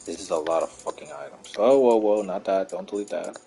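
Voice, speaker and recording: A man's voice: deep voice, brisk, creaky, dark tone, faint music behind. A man giving casual, profane gameplay commentary, muttering and thinking aloud as he plays. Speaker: gameplay streamer.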